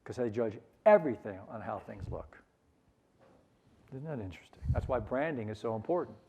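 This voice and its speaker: Energetic man leading a sales seminar. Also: medium pitch, a little fast, vocal fry, husky, muffled recording. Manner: energetic, coaxes audience to repeat phrases. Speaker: sales trainer. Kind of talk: conference seminar talk.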